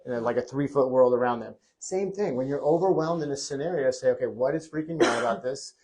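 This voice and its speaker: Energetic man giving a pep talk. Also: mid-range voice, fast, hardly any pauses. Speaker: host. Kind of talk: casual motivational chat.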